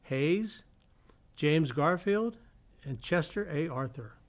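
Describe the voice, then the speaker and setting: A man's voice: fairly high pitch, expressive, slow pace. A man hosting a community television show, reading fun facts from slides in a studio, now and then stumbling over words and correcting himself. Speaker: host.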